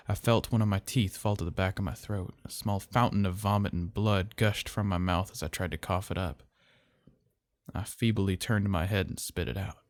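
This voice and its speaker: Low-voiced man narrating a horror story. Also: darkish tone, no room sound. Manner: slow, measured, somber telling.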